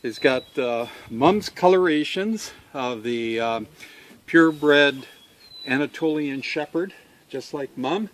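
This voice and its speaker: A man showing his farm dogs and puppies outdoors, talking in an unhurried, halting way with many fillers and coaxing the dogs fondly. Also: on the high side. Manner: fond, coaxing talk to the dogs. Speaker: dog breeder selling puppies. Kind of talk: casual farm video walkthrough.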